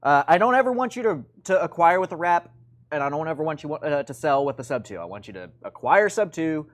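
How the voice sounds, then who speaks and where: A man hosts a casual teaching chat with a pitch that swoops up and down. He jokes around and fills his talk with ums and likes. He has a lively, unscripted way of speaking. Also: a little fast. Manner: animated, joking, lots of fillers. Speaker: real estate investing show host.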